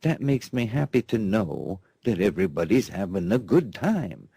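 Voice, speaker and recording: A man's voice: lowish voice, very animated, moderate pace, vocal fry, dark tone, slightly rough, dry recording. A man hosting a sarcastic news commentary show, rambling and mocking, often repeating himself. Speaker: host.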